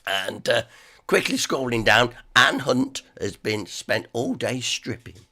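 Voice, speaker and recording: A man with an East Midlands accent hosting a casual live stream, hoarse from a sore dry throat, rambling and greeting viewers one by one. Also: mid-range voice, very animated, slow, bright, forceful tone. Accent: East Midlands English.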